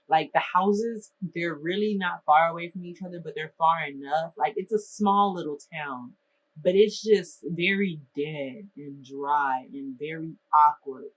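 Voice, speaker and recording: A young adult woman from Minnesota telling a storytime vlog in a lively, exasperated way, full of casual slang. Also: lowish voice, slightly rough, poor audio.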